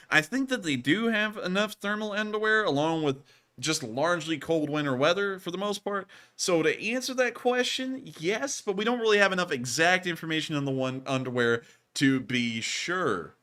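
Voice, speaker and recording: Young guy hosting a live stream, bright voice, a bit high, rambles with lots of like. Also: moderate pace. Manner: excitable, rambling, many "like"s. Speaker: host of a live news stream. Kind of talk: casual live-stream chat.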